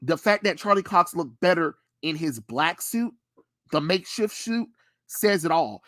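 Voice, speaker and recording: A man hosting a casual pop culture chat, ranting with animated energy and plenty of swearing. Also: fairly high pitch, unhurried, no room sound, clean studio sound. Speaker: podcast host.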